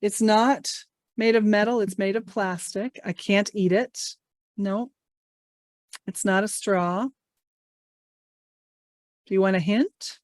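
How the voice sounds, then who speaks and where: A woman's voice: mid-range voice, fairly even intonation, slow pace, pauses often, darkish tone, no room sound, clean studio sound. A woman teaching English over a video call, playfully leading a guessing game. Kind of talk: online teaching session. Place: home office.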